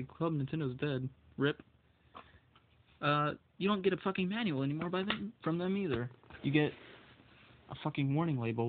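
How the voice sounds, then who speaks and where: A man's voice: fairly high pitch, narrow, tinny audio, noisy background. A man ranting angrily about video game prices, swearing constantly and stumbling over his words, his voice shaking with anger. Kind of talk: angry solo rant.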